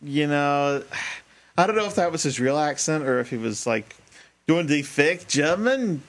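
A man's voice: fairly high pitch, lively intonation, normal speed. Joking, laughing podcast co-host man. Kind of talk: casual podcast banter.

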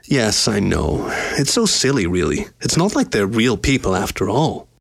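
A man voicing a sharp-tongued adult lioness in a storybook reading, clipped and scornful. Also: fairly low pitch, big pitch swings, moderate pace, gravelly, breathy edge, heavily acted. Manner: clipped, scornful, rising when angry.

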